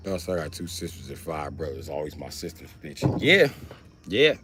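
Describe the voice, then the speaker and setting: A man, telling crude comedic stories on a livestream and swinging between loud outbursts and muttering. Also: rumbling low, very animated, moderate pace, noisy background. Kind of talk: rambling comedic storytelling.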